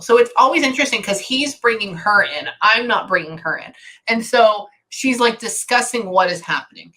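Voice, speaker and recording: Woman medium, bright edge, stop-start delivery, keeps cutting herself off. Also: medium pitch. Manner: halting, animated, many self-interruptions. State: tearful at times. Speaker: psychic medium. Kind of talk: channeling session.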